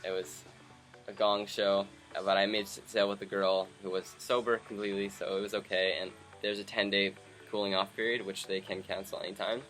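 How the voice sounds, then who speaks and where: A man's voice: fairly low pitch, brisk, faint music behind. A young man from Canada casually telling a story to camera for his vlog, acting out the people he quotes. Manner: animated, acts out quoted people. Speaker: vlogger.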